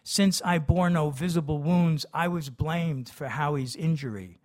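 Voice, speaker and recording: A man's voice: a little high, unhurried. A man reading his memoir aloud, who breaks off into chatty, hesitant asides. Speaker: memoir narrator.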